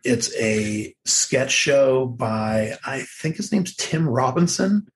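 A young man chatting loosely about movies, full of fillers and restarts, with a mid-range voice and an easy laugh. He rambles from point to point in a relaxed conversational way. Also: mid-range voice, takes it slowly, gravelly. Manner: rambling, full of fillers, laughs often, acts out quoted lines. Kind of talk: casual chat about movies and TV.

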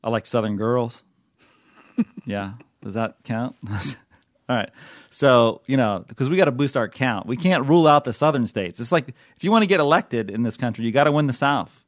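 A man's voice: medium pitch, expressive, normal speed, dry recording. Male podcast host, loose and joking, prone to laughter, dry close-mic sound. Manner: jokey, laughs often, rambling. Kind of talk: casual podcast chat.

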